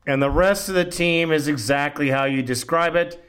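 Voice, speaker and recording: A man's voice: fairly high pitch, normal speed. Chummy male fan-show host. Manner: relaxed, chummy, laughs with callers. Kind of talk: casual call-in show hosting.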